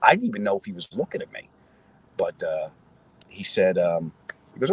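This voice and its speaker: Lively middle-aged comedian chatting outdoors. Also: male voice, sits low, normal speed, pauses often, husky, poor audio. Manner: animated storyteller, chatty asides to viewers. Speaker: comedian host. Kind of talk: casual chat with viewers. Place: outdoors in a city square.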